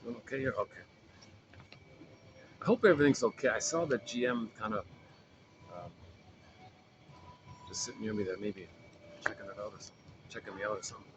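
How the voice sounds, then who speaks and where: A man's voice: on the low side, fairly quick, pauses often, muffled recording, noisy background. A man casually coaching a self-help group, rambling and repeating himself as he explains an exercise. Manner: rambling, repeats words and restarts phrases.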